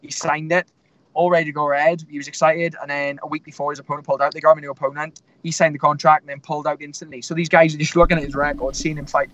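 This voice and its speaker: A man's voice: on the high side, level tone, rapid-fire, a bit bright, muffled recording. A man, a fighter telling stories in a casual interview, rambling with lots of fillers. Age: 20s. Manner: rambling storytelling with many fillers. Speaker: MMA fighter guest.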